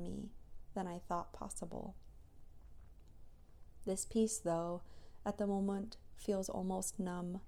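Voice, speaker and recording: A tired, tearful woman speaking in a soft, halting way in a reflective personal voice diary, sometimes dropping into a whisper, then chatting with lots of fillers. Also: medium pitch, flat delivery, vocal fry. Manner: chatty storytelling with many fillers. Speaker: creator sharing a personal diary recording.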